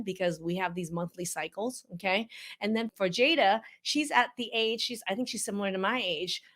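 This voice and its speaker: A woman in her fifties, a functional medicine physician, gives an emphatic, animated reaction commentary that she aims straight at her viewers. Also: lowish voice.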